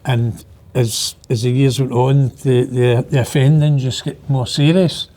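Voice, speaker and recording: A man's voice: medium pitch, fairly even intonation, measured pace, dark tone. A man giving an interview, telling his past plainly, with hesitations and fillers. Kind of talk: personal storytelling interview.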